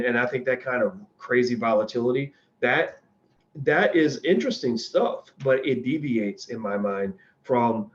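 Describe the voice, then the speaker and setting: A man's voice: medium pitch, muffled recording. A man hosting a casual livestream and answering viewer questions. He is blunt and opinionated, rambles, and often restarts his sentences. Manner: rambling and conversational, with frequent restarts.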